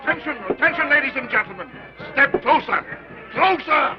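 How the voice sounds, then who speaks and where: An actor playing a brash male carnival barker shouting sales patter to a crowd, on an old 1930s film soundtrack. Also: very high voice, expressive, normal speed, muffled recording, over music. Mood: barking.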